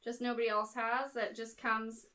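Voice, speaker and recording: A woman's voice: a little high, normal speed. A woman co-hosting a casual podcast, telling stories and acting out what people said. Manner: animated, acts out quoted dialogue. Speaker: podcast co-host. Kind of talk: casual chat, storytelling.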